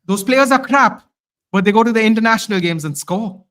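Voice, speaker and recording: A man guesting on a live football reaction stream, ranting in an exasperated, animated way. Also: high-pitched, brisk. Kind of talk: live match reaction chat.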